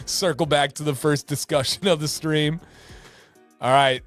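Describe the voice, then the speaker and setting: A talkative man hosting a livestream, upbeat and energetic, who repeats words when he wants to stress them. His voice sits a little higher than most men's. The sound is dry and close, with faint music behind him. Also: slow pace, no room sound. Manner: energetic and chatty, repeats himself for emphasis. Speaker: livestream host. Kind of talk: casual livestream chat.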